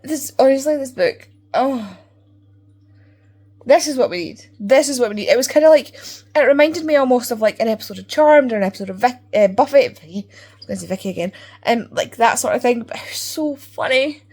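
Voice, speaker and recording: A woman's voice: fairly high pitch, fairly quick. A woman talking about books in a casual, rambling vlog with lots of fillers. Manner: chatty, animated, rambling with fillers. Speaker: book vlogger. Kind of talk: casual reading vlog chat.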